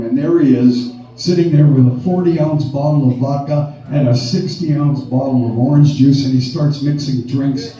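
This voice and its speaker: A man's voice: fairly high pitch, dark tone. Raucous Canadian-born rock frontman. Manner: rowdy, profane and chuckling. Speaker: band frontman. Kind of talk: onstage storytelling between songs. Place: live music club stage. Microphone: stage vocal mic through the PA. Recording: echoey club sound from far off.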